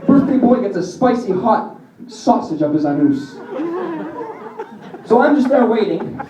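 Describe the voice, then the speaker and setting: A man's voice: high-pitched, big pitch swings, unhurried, background noise. A young man doing a stand-up set, telling crude rambling stories, recorded from far off in a small venue. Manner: crude, rambling storytelling with audience laughs. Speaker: stand-up comic. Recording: distant roomy lo-fi club recording. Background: audience laughter.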